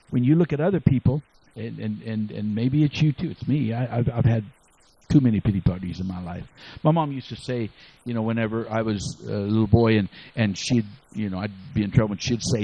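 A man preaching a sermon, swinging from loud bursts to quiet asides and stumbling over repeated words as he goes. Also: normal speed, no room sound, lo-fi sound. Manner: animated, swinging from shouts to low asides; repeats and restarts words, chuckles. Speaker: pastor.

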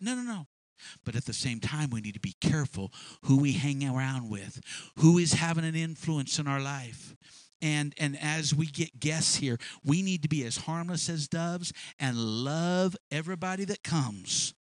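A man preaching a sermon as pastor, animated and folksy, acting out animals as he makes his points. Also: fairly high pitch, unhurried, dry recording. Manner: animated preaching with sound effects.

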